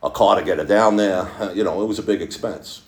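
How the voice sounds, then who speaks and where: A man in his sixties with a deep, low voice tells his story to a recovery group in a candid, plainspoken way, often stopping to restart a phrase. The sound carries a noticeable room echo. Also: fast talker. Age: 60s. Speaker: speaker at a recovery meeting. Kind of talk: personal testimony to a group. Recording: echoey room.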